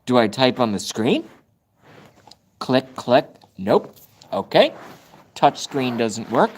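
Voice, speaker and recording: A man's voice: mid-range voice, very animated, slow pace, husky. A man hosting a casual live stream from his phone, ranting in frustration and swearing about his device. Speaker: livestream host. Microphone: phone camera at arm's length.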